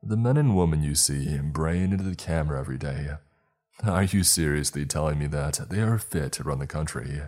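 A man reading the part of a proud, secretive male official who lectures in a smooth, self-assured way. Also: extremely low pitch, lively intonation, fairly quick, darkish tone. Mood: smug. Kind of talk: read-aloud dialogue in a horror story.

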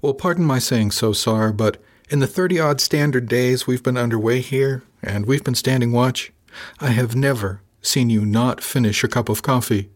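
A man's voice: medium pitch, moderate pace, voice pushed up, lightly acted. A man voicing a wry young female ship officer who teases with a drawl in a science fiction audiobook. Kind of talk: audiobook character voice.

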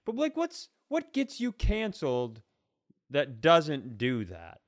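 A man's voice: a little high, huge pitch swings, slow, no room sound, clean studio sound. A man co-hosting a comedy podcast in casual chat, teasing his partner and asking rambling questions full of restarts. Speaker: podcast co-host.

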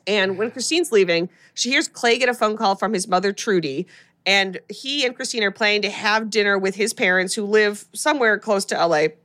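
A woman hosting a podcast, recapping a film in an animated, laughing, exclamatory chat. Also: medium pitch, brisk. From raised on a farm. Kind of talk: casual comedic chat.

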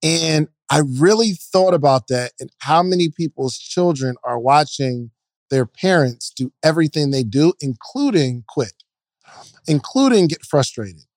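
A young man with a somewhat high voice tells a relaxed, slangy story in casual podcast chat. His delivery is animated and easygoing, recorded dry and close. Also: a little slow, no echo.

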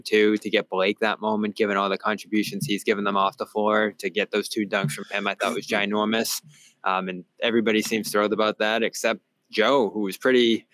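Man, low voice, reporter calling in to break down a game; rambling, filler-heavy, casual. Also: fairly bright tone, dry recording, low-quality recording. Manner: rambling, many fillers and restarts. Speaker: beat reporter on a sports podcast. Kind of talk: casual sports analysis.

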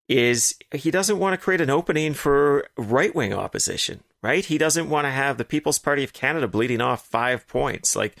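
A man talking through political strategy in a casual podcast chat, measured and analytical, with the odd swear word. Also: mid-range voice, a bit bright, no room sound, clean studio sound. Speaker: political commentator.

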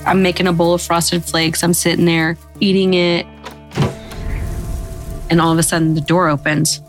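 A woman's voice: on the low side, little pitch movement, normal speed, faint music behind. A young woman in an interview, vividly and emotionally retelling a frightening childhood memory. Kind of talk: recounted personal story.

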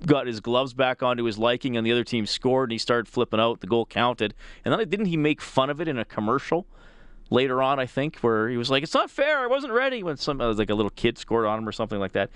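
A man hosting sports talk radio in a conversational, chatty way. His voice comes through smooth and clear on a close studio microphone. The sound is dry, with no room around it. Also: mid-range voice, fairly bright tone, no echo. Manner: chatty, conversational, reads out call-in details.

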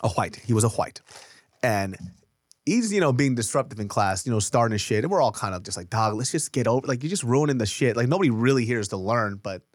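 A man's voice: mid-range voice, lively intonation, quick pace, dry recording, clean studio sound. A man co-hosting a podcast, telling a profane funny story in casual chat and laughing often. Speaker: podcast co-host.

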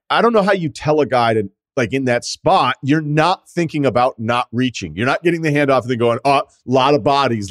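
A man hosting a casual sports podcast, talking through the games analytically and dropping his voice to a low mutter at times. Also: dry recording, clean studio sound. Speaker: podcast host.

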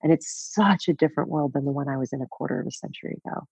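Husky woman in her fifties, candid. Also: low voice, racing, darkish tone, no room sound, rough recording. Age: 50s. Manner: frank, laughs often, swears casually. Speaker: guest author. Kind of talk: candid interview talk.

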